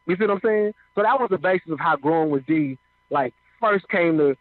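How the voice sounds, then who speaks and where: Brisk and a little high, this man's voice carries a lively lilt as he recounts his life story casually, often asking "you know what I mean." It's a relaxed personal testimony, recorded with a dry, phone-like radio quality.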